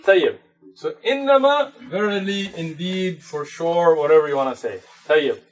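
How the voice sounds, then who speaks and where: A man with a fairly high voice leads an Arabic grammar lesson in a mosque classroom. He explains each point patiently, mixing English with Arabic terms. He reads Arabic passages at a quick clip. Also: lively intonation. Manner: recites Arabic text rapidly. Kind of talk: classroom lecture.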